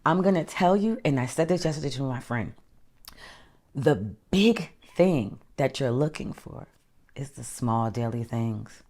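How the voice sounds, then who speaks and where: Speaking in a rumbling low, unhurried voice, a woman life coach delivers a lively motivational talk. She addresses listeners as "honey" and "child" and now and then lowers her voice to a whisper to drive a point home.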